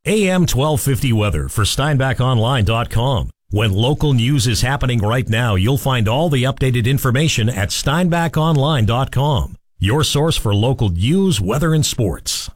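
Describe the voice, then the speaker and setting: Husky male station voice, dry close read, faint music under. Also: mid-range voice, animated, normal speed, no echo. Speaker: station announcer. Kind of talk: radio station imaging.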